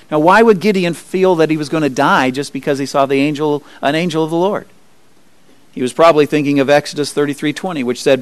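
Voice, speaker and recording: Guy preaching a sermon, kinda high voice, dry sound, goes up loud then drops quiet. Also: brisk, dry recording. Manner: expressive, rises high for emphasis and drops low and quiet. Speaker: pastor. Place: church.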